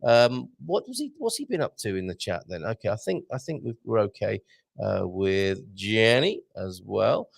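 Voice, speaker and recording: A man hosting a live online show, rambling excitably to viewers and reading the chat. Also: lowish voice, moderate pace, vocal fry, slightly rough. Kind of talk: casual live-stream chat.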